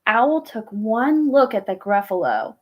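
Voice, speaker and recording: Slow gentle children's storyteller woman. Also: fairly high pitch, sing-song. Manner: gentle, encouraging, asks listeners questions. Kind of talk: reading a picture book aloud to children.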